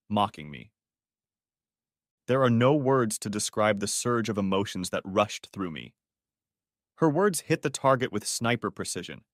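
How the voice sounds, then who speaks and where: A man narrating a first-person revenge story as an audiobook, with expressive, dramatic storytelling. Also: lowish voice, dry recording, studio quality.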